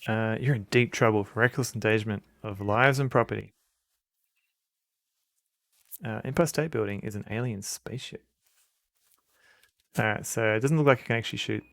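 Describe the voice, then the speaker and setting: A man's voice: lowish voice, a little fast, creaky, a bit bright, dry recording. A man streaming a retro game, giving wry, chuckling commentary and reading the game text aloud.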